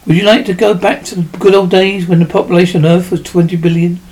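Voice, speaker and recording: A man reading a booming self-important doctor. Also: steady tone, fast talker, darkish tone, low-quality recording. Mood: stern. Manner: hearty, jovial. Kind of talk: audiobook dialogue.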